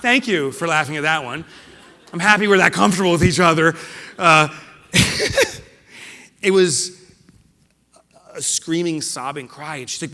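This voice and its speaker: Keynote speaker, man, middle-aged, bright voice, big reverberant hall, swings from loud to hushed. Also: fairly high pitch, unhurried, long pauses. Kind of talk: motivational stage speech. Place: large hall before a live audience.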